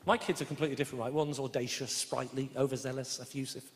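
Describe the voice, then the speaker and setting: Brief: quick male comedian working a live audience, voice bouncing around the hall over noticeable crowd noise. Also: mid-range voice, fairly even intonation. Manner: quick banter with the audience and frequent tag questions. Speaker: stand-up comedian. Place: theatre stage before a live audience. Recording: echoey theatre with audience noise.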